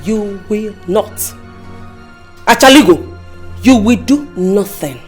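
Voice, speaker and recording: A woman's voice: medium pitch, slow, slightly rough, soft background music. A woman playing a defiant palace woman who taunts her rivals, emphatic, with a Nigerian accent. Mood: taunting.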